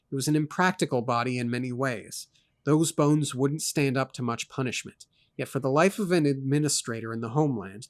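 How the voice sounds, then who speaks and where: Dude reading a fantasy book out loud, steady voice, dry little jokes in between. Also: male voice, mid-range voice. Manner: steady narration broken by dry asides. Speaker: co-host reading a novel aloud. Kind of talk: reading aloud with commentary.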